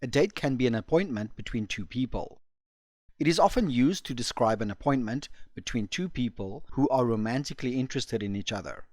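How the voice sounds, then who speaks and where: A man presenting an English lesson for learners, explaining phrases slowly and clearly. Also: medium pitch, lively intonation, darkish tone, no echo, clean studio sound. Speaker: English teacher. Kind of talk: scripted lesson narration.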